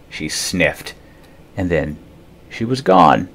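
A man narrating a bedtime picture book aloud. His voice sits on the low side, soft and hushed between the character voices. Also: normal speed. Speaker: storytime reader.

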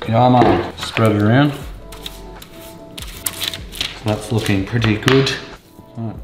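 A young man cooking in his home kitchen, talking in a casual, excitable, sweary way. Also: on the low side, slow pace. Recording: echoey kitchen with music behind.

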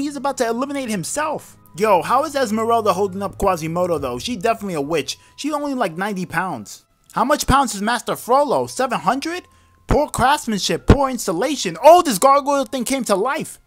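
A man's voice: sits high, lively intonation, brisk, fairly bright tone, faint music behind. A man doing comedic play-by-play commentary over a film, joking and slangy. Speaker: comedic sports-style commentator.

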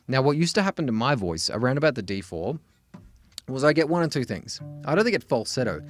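A man's voice: mid-range voice, very animated, fairly quick, no echo, soft background music. A man in his forties, a vocal coach talking candidly and swearing freely in a casual lesson.

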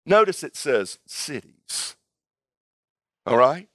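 A man preaching a sermon as pastor in a church, emphatic and building toward shouting. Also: mid-range voice, big pitch swings, moderate pace, pauses often, no room sound, studio quality.

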